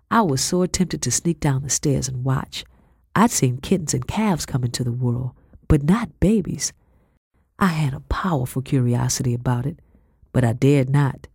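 A woman reading a first-person historical story aloud, in measured storytelling with old-fashioned phrasing. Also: a bass voice, darkish tone, breathy edge, no room sound, clean studio sound. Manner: measured storytelling with period speech. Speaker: audiobook narrator. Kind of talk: scripted narration in first person.

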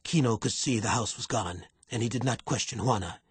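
Male audiobook narrator, raspy voice, dry booth sound, even delivery. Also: mid-range voice, fairly quick, no room sound. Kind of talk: scripted narration.

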